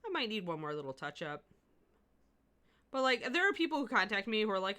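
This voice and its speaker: A woman's voice: mid-range voice, sing-song, brisk, bright, forceful tone. A middle-aged woman giving a live miniature painting demo, chatting and laughing with her viewers as she works. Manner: chatty, rambling, laughs often.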